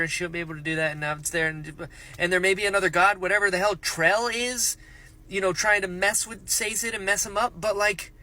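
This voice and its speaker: A man hosting a casual book reaction vlog, excitable and gushing, thinking aloud with lots of rhetorical questions. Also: sits high, rough recording.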